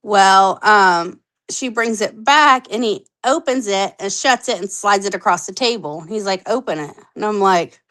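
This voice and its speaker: A woman in her thirties telling her own story candidly on a podcast, animated, acting out the voices she quotes and swearing freely. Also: medium pitch, unhurried, poor audio. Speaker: podcast guest.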